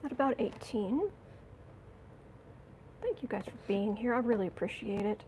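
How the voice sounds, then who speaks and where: A woman's voice: on the high side, lively intonation, normal speed, mellow, a little hiss or hum. A woman giving a casual tarot reading, chatty and giggly, talking to viewers and to herself. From United States. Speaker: tarot reader.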